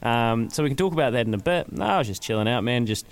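A man, co-hosting a casual sports podcast with lively, jokey banter. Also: medium pitch, fast talker, smooth, no room sound. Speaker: podcast co-host.

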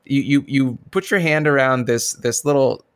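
A man's voice: medium pitch, normal speed, clear, resonant tone. A man co-hosting a podcast in casual chat, blunt and swearing often. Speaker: podcast co-host.

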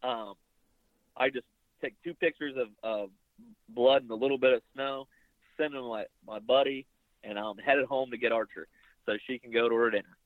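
A man's voice: medium pitch, moderate pace, long pauses, dry recording. A young man recounts a hunting story in a loose, rambling way, jumping in and out of the lines people said to him. He sounds squeezed and tinny, as if he is on a phone line. The sound is dead dry with no room around it. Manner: rambling, animated retelling with quoted dialogue. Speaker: bowhunter guest. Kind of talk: casual storytelling interview.

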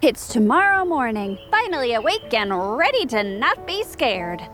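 A woman's voice: a little high, big pitch swings, normal speed, fairly bright tone, soft background music. A woman voicing a timid young male snake who scares easily, in a children's audio story. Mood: nervous. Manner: jumpy, nervous, easily frightened.

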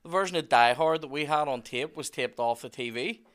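Bright-voiced man, animated. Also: fairly high pitch, fairly quick, smooth. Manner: animated, sweary storytelling. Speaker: podcast host. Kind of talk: casual chat.

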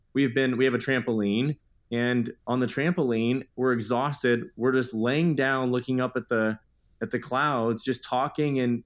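Earnest storytelling man. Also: mid-range voice. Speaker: guest author. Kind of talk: podcast interview.

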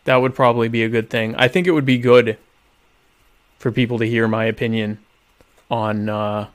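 A man hosting a casual live stream, rambling and interrupting himself, with deadpan, mock-pompous humor. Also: medium pitch, moderate pace. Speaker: live show host.

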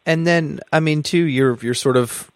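A man's voice: on the high side, unhurried, no echo. A man hosting a podcast, asking rambling, self-correcting questions in a casual chat. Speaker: podcast host.

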